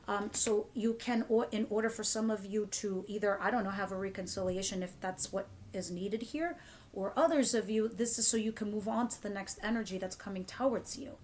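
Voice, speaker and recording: A woman giving a casual tarot reading straight to her viewers, animated, cursing freely and often repeating herself. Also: medium pitch, brisk, a little hiss or hum. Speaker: tarot reader.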